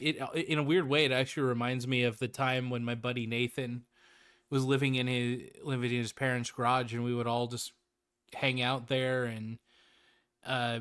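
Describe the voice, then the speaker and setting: A man's voice: mid-range voice, fairly bright tone. Rambling, laid-back male movie reviewer. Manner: rambling, laughing, swearing freely. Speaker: host. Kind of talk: casual livestream movie review chat.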